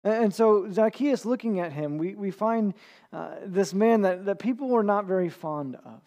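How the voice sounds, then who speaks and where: A man's voice: high-pitched, moderate pace, warm tone. A man preaching a sermon in an earnest, conversational way, with small restarts and repeated words. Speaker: pastor.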